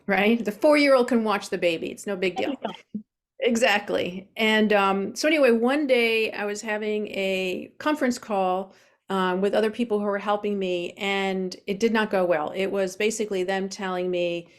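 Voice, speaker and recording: A woman's voice: medium pitch, normal speed. A woman in her forties, a guest on an interview show, telling her personal story openly with many fillers. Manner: open, earnest, with frequent fillers.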